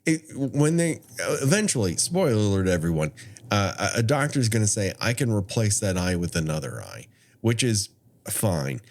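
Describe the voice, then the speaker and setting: Low-voiced man recapping a film, wry and lively. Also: normal speed. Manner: laughs often, recaps the plot with wry asides. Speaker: podcast co-host. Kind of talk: casual chat.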